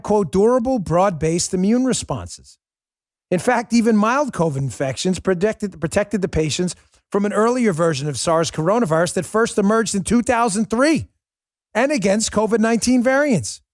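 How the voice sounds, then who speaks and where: A man's voice: on the high side, dry recording, studio quality. A man hosting a political commentary show, talking in a combative, ranting and mocking way. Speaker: host.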